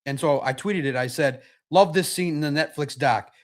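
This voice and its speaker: A man hosting a sports podcast live stream, chatting casually in an animated, repetitive way with frequent restarts. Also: a little high, normal speed.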